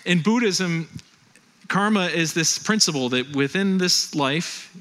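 A male pastor from Western New York preaching a sermon in a conversational, animated way. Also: high voice, unhurried.

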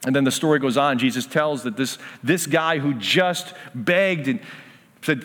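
A man's voice: medium pitch, normal speed, a bit bright. Earnest male preacher in a reverberant hall. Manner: earnest, acts out the parable's voices. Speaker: pastor. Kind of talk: sermon.

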